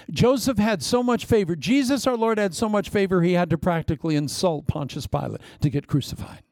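Male preacher, fairly high gravelly voice, dry sound, animated storyteller. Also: dry recording. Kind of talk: sermon.

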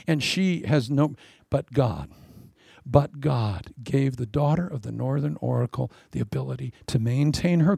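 A male preacher with a fairly high, gravelly voice that leaps all over the place as he jokes his way through a sermon. He swings from loud, laughing punchlines to hushed asides, all captured close and dry with no room sound. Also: no room sound. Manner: animated, joking, often laughing, drops to soft asides. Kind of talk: lively comic sermon.

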